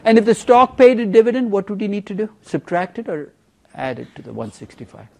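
A man teaching a university finance class, emphatic and lively, teasing students with questions. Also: high-pitched, fairly quick, creaky. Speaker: finance professor. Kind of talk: university lecture.

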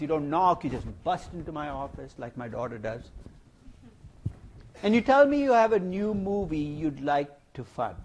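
A middle-aged man giving a university finance lecture, animated and playful, asking the class rhetorical questions. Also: a little high, a little hiss or hum. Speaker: finance professor. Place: lecture hall.

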